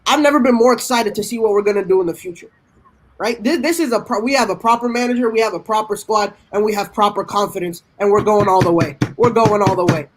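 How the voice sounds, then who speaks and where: A man's voice: high voice, fast talker, a little hiss or hum, low-quality recording. A man on a fan panel giving a passionate live match reaction, emphatic and repeating himself.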